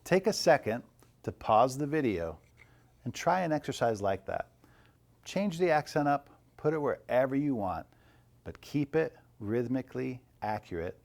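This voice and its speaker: A man teaching an online percussion lesson, calmly coaching and counting rhythms aloud. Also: mid-range voice, normal speed, vocal fry.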